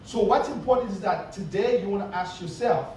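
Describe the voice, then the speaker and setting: Middle-aged male preacher, high voice, storytelling sermon, distant mic in a big echoey church. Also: brisk, a little mellow, slight background noise. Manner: storytelling, asks the congregation "right?" often. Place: church sanctuary.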